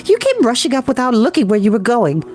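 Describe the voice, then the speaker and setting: A man voicing a sensitive but spirited young girl in a read-aloud storybook, raising his voice high and plaintive. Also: sing-song, moderate pace, faint music behind. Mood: upset.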